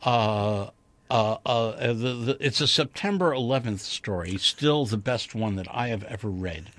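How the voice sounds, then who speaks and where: A man's voice: mid-range voice, a little slow, fairly bright tone, no echo. A man hosting a late-night radio talk show, hesitant and full of fillers and restarts. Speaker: radio host.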